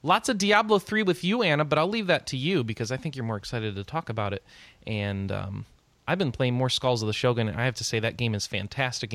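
A man's voice: mid-range voice, a bit bright, no room sound. Upbeat male podcast host, dry close sound. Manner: upbeat, enthusiastic, quick to joke. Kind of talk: casual chat.

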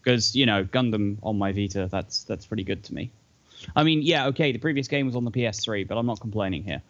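A man co-hosting a casual podcast, who explains things in a halting way with many fillers. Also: fairly low pitch, dull audio. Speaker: podcast co-host.

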